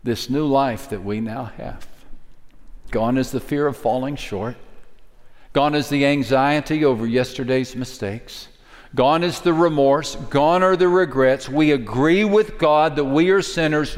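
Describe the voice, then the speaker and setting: A man preaching a sermon. He swings from strong, rising declarations down to hushed, near-whispered phrases. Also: a little high, measured pace. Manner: dynamic preaching, dropping to a hush for key lines. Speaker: pastor. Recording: hall reverb.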